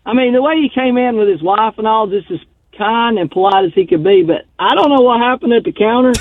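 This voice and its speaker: A man's voice: high voice, fairly quick. A man calling in to a radio show, telling a story in a folksy, drawling way. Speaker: radio caller. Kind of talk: casual phone-in storytelling. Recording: tinny dry phone line.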